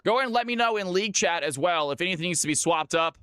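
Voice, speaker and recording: A man hosting viewer games on a live stream, talking excitedly and chatting with his audience. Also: high voice, racing, clean tone, no echo, clean studio sound.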